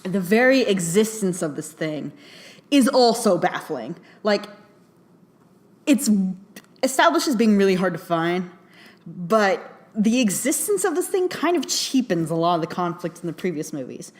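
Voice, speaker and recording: A woman giving a casual spoken film review, chatty and excitable, laughing often and full of fillers. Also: medium pitch, measured pace.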